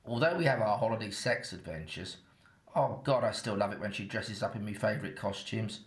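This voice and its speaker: A man's voice: lowish voice, fairly quick, echoey room. An English man with a slight Essex accent, telling his own story in a chatty, matter-of-fact, slightly cheeky way. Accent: Essex-tinged English. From England. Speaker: narrator. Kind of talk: first-person scripted storytelling.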